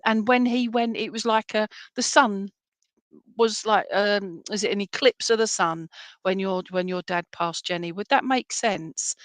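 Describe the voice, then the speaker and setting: A woman with an English accent giving clairvoyant readings at an online spiritualist service, chatty and halting, with many fillers and restarts, speaking from home. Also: mid-range voice, fairly bright tone, dry recording. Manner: laughs easily between readings. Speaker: spiritualist medium. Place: at home, indoors.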